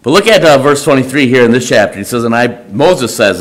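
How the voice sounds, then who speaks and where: A man as pastor, preaching a conversational sermon in a church, often restarting and halting over his words. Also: medium pitch, expressive. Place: church sanctuary.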